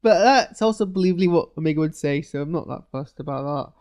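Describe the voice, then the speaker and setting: Man, casual reviewer, slightly high and mellow voice, stop-start rambling. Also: expressive, fast. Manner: rambling, many restarts and fillers. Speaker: show reviewer. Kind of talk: casual live reaction commentary.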